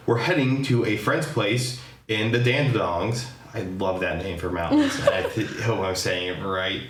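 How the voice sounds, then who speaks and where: A man with a fairly low voice hosts a casual podcast. He tells the story in a chatty way, hedging and joking as he goes. The recording has an echoey room sound. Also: fairly bright tone. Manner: chatty storyteller, hedges and jokes. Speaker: podcast host. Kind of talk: casual chat.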